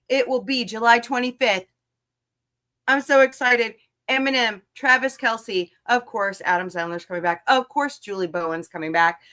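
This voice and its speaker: A woman's voice: a little high, pushed and bright. Chatty woman hosting a livestream. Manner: chatty, jokey, greets viewers by name. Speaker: livestream talk show host. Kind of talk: casual livestream chat.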